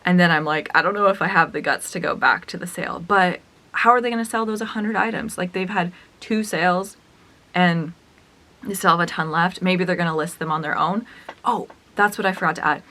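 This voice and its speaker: A young woman telling a storytime vlog as a reseller, chatty and animated, acting out the dialogue as she retells it. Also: lowish voice, brisk. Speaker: reseller vlogger.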